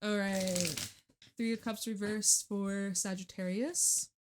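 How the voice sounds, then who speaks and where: A woman talks through a tarot spread in a loose, chatty way, full of fillers and quick laughs. Her voice sits in an ordinary middle pitch for a woman. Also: fairly even intonation. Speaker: tarot reader. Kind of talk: casual tarot reading.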